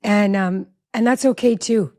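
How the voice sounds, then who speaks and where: A woman in her forties, a relationship educator, telling a personal story in an animated, chatty way with lots of "like" in a podcast interview. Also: medium pitch, measured pace. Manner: animated, chatty, heavy use of "like".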